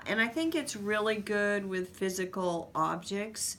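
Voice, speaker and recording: A woman teaching parents how to guide children in writing their sounds, explaining each step slowly and patiently. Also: medium pitch, fairly bright tone, slight background noise. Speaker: reading teacher. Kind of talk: instructional demonstration.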